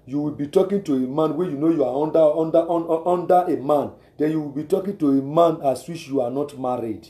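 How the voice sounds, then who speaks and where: A man's voice: fairly high pitch, brisk, few pauses, mellow, reverberant. A man with a Nigerian accent giving repetitive, exhortative advice and often asking listeners whether they understand. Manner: repetitive, exhortative, with rhetorical questions. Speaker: advice speaker. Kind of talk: preachy advice talk.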